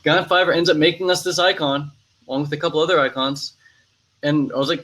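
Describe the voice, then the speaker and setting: A man's voice: a little high, fairly even intonation, fast talker, fairly bright tone, poor audio. Laid-back young man chatting casually. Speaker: vlogger. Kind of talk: casual chat.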